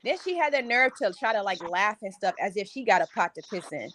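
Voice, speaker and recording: A woman's voice: medium pitch, expressive, a little fast, a bit bright, slight background noise. A woman co-hosting a casual review chat, talking bluntly and animatedly, swearing and laughing. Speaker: co-host.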